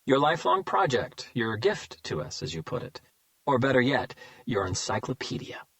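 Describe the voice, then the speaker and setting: A man voicing a tired, steady detective who speaks quietly and tersely. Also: mid-range voice, moderate pace, dry recording. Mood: stern. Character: weary, steady male detective, hard and plain.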